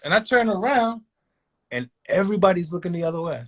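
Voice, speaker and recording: A man telling a long personal story in a casual, animated way, acting out voices in quotes. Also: high voice, a little fast.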